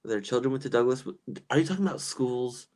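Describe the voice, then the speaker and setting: A man in his thirties hosting a casual livestream and reading chat comments, animated and chatty with lots of fillers and laughs. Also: medium pitch, fast talker.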